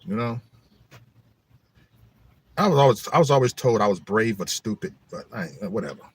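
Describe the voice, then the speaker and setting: A man's voice: on the low side, expressive, moderate pace, husky. A middle-aged man hosting his own channel, telling rambling school stories in a slangy, joking way. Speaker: channel host. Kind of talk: casual storytelling monologue.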